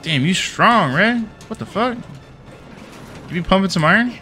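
A man's voice: high-pitched, expressive, normal speed, pushed and bright, soft background music. A man casually commenting on his gameplay as a video host, goofy and rambling, swearing and laughing as he plays.

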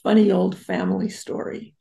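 A woman's voice: mid-range voice, little pitch movement, normal speed, vocal fry, dark tone. An older woman, a psychotherapist guest in an interview, telling personal stories in a reflective and emphatic way. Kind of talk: interview storytelling.

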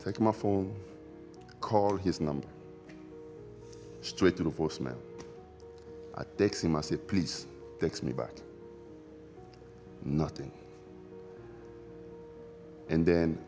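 In a sit-down interview, a former basketball player from the Democratic Republic of the Congo, a man in his 40s, speaks in a low voice. He recounts past events emotionally, pausing and reflecting as he repeats phrases and uses loose grammar.

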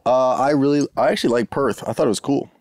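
A man's voice: mid-range voice, fast, no echo, studio quality. A man, a comedian guest, joking and telling stories in a casual podcast chat. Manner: joking, storytelling, animated laughs.

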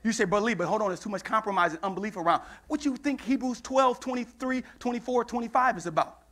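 High, bright-voiced preacher man. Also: fast talker. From United States. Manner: call-and-response preaching that builds into shouting, acting out Bible dialogue. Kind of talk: sermon.

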